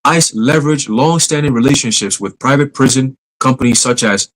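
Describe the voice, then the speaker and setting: A man's voice: mid-range voice, normal speed, a bit bright, low-quality recording. A man hosting a podcast, reading a news article aloud and adding casual, cursing asides, often stumbling and rereading words. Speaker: podcast host.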